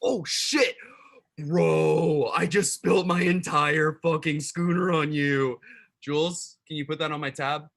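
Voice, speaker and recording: A man's voice: a little high, steady tone, measured pace, gravelly, fairly bright tone. Man playing a drunk party-bro ghost. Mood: rowdy. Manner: slurring, laid-back slang. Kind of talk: amateur comedy sketch over video call.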